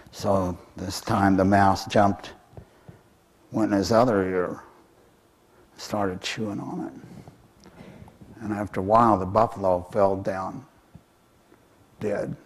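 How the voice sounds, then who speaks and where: A man's voice: fairly low pitch, gravelly, slight background noise. A man telling an animal folk tale in a talk, hesitant and full of fillers. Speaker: author and speaker.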